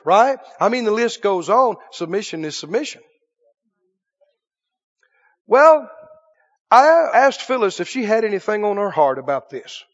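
A man's voice: sits high, big-room sound, muffled recording. A male pastor delivering a sermon, preaching emphatically and checking in with the congregation through repeated questions. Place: church sanctuary.

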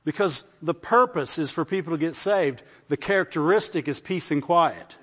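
A man's voice: fairly high pitch, moderate pace, a bit bright. A man preaching a conversational sermon, often asking the congregation for a response. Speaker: pastor. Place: church service. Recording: muffled sound with long hall reverb.

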